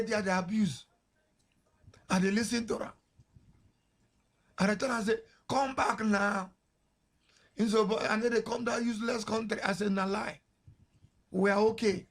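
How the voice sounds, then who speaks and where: A Nigerian man hosting a radio show, telling a story in a chatty way, mixing pidgin with English and laughing as he goes. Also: sits high. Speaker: radio host. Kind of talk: casual storytelling on air. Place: radio studio. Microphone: studio mic.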